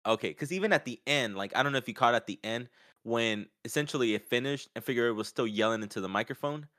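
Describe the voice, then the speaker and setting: A man talking casually about a fight, often acting out what others said in a raised, lively voice. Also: mid-range voice, fast talker, no room sound, clean studio sound. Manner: animated, acts out quotes in raised voice. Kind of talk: casual sports chat.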